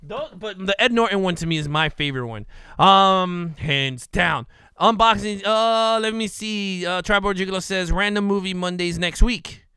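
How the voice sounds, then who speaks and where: High-voiced guy co-host, bright and smooth, reading chat comments, chill. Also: normal speed, dry recording, studio quality. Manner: laid-back, reads out comments with many "um"s. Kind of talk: casual chat.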